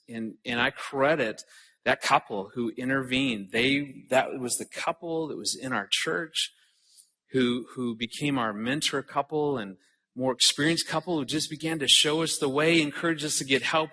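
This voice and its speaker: A man's voice: mid-range voice, sharp tone. A middle-aged man speaking earnestly at a conference, often repeating words as he starts a thought. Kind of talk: conference talk to an audience. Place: conference hall stage.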